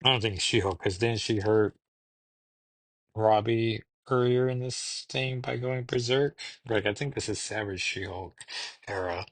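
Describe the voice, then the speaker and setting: Low-voiced man casually recapping. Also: unhurried, no room sound. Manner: rambling, thinking aloud with ums. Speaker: podcast host reviewing comics.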